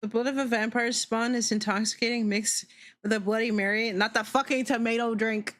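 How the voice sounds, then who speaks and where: A woman streamer with a fairly high voice, swearing freely as she rants in casual chat. She talks loosely and laughs easily. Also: fairly even intonation, a little fast, fairly bright tone. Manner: profane, ranting, laughs often. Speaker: VTuber streamer.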